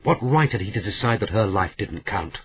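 A man voicing a grieving, indignant woman detective, soft and shaky one moment and high and reproachful the next. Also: lively intonation, a little fast, slight background noise, close to an everyday voice. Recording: narrow, phone-like audiobook sound.

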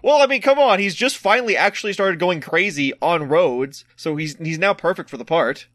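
Lively, bright-voiced male podcast co-host. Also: high voice, moderate pace, no room sound, studio quality. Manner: joking, laughs often. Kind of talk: casual chat.

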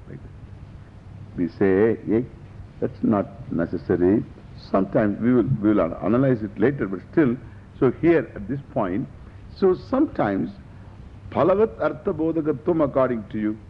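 Man with lecturing on scripture. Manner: explains Sanskrit terms in English, repeats key phrases. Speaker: Vedanta teacher. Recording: dull lo-fi lecture recording with faint rumble.

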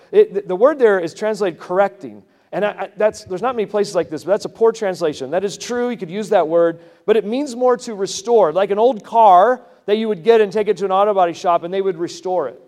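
A pastor with a high-pitched, darkish voice preaches a sermon to his congregation in a church sanctuary. He talks conversationally, climbing to emphatic peaks, and the recording carries long hall reverb.

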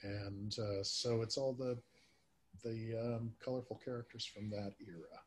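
A man hosting a podcast in a casual chat, speaking haltingly with many filler words. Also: on the low side, fairly even intonation, slightly rough. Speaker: podcast host. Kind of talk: casual chat about old-time radio.

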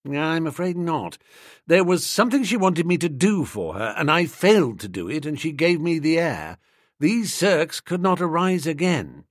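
A man voicing an idle, chatty young English gentleman in an audiobook, with a husky voice. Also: a little high, sing-song, moderate pace, no room sound, studio quality, pitched above the performer's own voice. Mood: fretful. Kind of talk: audiobook character reading.

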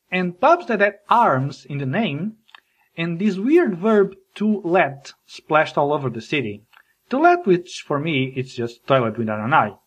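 A man from Portugal, a podcast host, performing a scripted comedic monologue with jokey storytelling. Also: fairly high pitch. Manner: animated, jokey storytelling with mock voices.

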